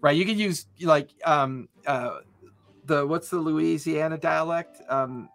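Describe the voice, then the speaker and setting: A man's voice: a little high, slow, vocal fry, fairly bright tone. A man hosting a casual chat about tabletop games, talking in long enthusiastic run-ons. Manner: rambling, enthusiastic, many restarts. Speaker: podcast host.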